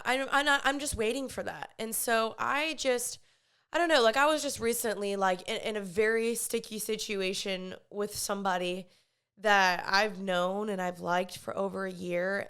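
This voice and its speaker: A woman's voice: medium pitch, a bit bright, smooth. A young woman hosting a podcast, talking in an earnest, confessional way about her faith and personal life, with many "like" fillers. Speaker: podcast host. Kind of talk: candid faith-based personal chat.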